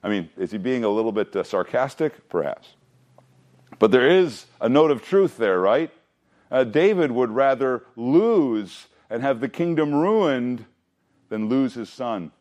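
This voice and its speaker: A middle-aged man preaching through a Bible passage in a conversational, animated way with frequent restarts. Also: medium pitch, unhurried. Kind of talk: expository Bible teaching.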